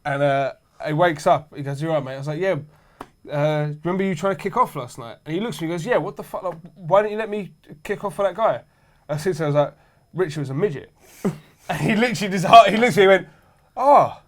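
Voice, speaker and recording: Male podcast co-host, animated storyteller, slightly higher voice, laughs along as he tells it. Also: quick pace. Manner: lively, laughs through his own story. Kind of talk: casual storytelling chat.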